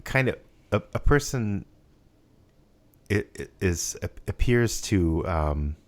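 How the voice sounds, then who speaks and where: A man's voice: low-pitched, lively intonation, takes it slowly. A man co-hosting a podcast, chatting casually and rambling with many restarts and fillers. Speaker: podcast co-host. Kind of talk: casual chat.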